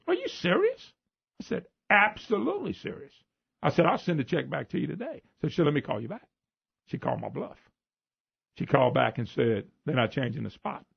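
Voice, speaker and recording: A man with a Louisiana Southern accent hosting a radio talk show, telling rambling folksy anecdotes in an animated way. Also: on the high side, gravelly, breathy edge. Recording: dull lo-fi radio broadcast.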